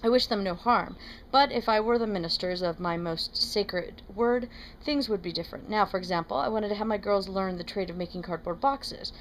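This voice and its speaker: A woman reading aloud, voicing a scheming, fawning middle-aged man who wheedles and flatters. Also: medium pitch, moderate pace, slight background noise, lightly acted, poor audio. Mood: wheedling. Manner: ingratiating, wheedling.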